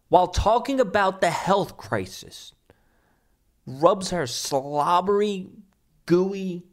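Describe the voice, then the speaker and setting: A man giving a heated, mocking commentary in a casual ranting style. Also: a little high. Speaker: political commentator.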